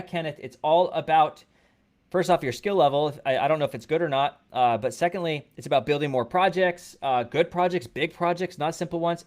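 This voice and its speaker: A man hosting a coding livestream, answering viewer questions in a loose, conversational way with blunt advice and plenty of fillers. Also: a little high. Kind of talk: casual livestream Q&A, reading chat questions. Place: indoor studio room.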